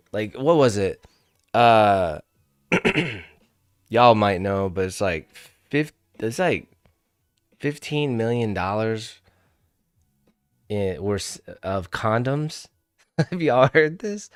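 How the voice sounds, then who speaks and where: A man's voice: fairly low pitch, dry recording, clean studio sound. A man hosting a trading livestream in casual, rambling chat, laughing often and swearing freely.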